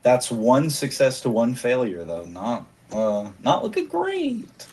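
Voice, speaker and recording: Man, game master, mid-pitched voice, casual, playful, chuckling. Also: huge pitch swings, slow pace, a little mellow, slightly rough. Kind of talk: narrating a tabletop game.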